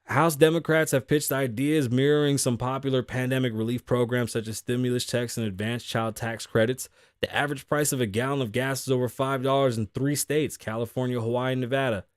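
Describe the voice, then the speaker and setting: A man's voice: mid-range voice, fairly even intonation, brisk, no echo, studio quality. A young man hosting a casual talk show, reading news stories aloud and riffing on them bluntly with profanity. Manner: blunt, profane, riffs on stories with acted quotes. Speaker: podcast host.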